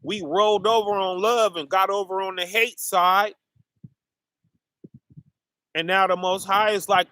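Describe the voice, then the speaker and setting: Male preacher, high bright voice, slow call-and-response delivery, dry close recording. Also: steady tone, no echo. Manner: preachy call-and-response, keeps asking "right?" and "y'all". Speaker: street preacher. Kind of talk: sermon.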